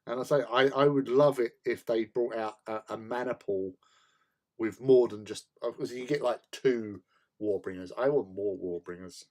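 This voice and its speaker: A relaxed man talks his way through a model-building stream, greeting viewers by name and joking with them. His voice is mellow and dark, and he chats at an easy, middling pitch. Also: moderate pace. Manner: chatty, reads out and answers chat, jokey asides. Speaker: hobby stream host. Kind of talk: casual chat while building models.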